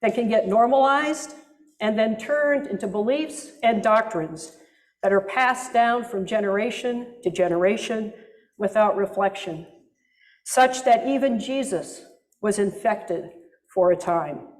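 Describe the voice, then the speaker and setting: A woman's voice: mid-range voice, a little slow. A woman pastor preaching a sermon in a reflective manner with wry asides, recorded in a reverberant church hall.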